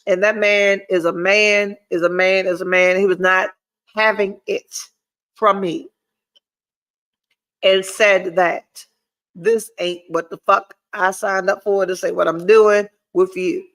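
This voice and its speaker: A woman's voice: medium pitch, little pitch movement, slow pace, fairly bright tone, rough recording. Blunt, profane woman storyteller. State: stuffy nose. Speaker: podcast host. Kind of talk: candid solo livestream chat.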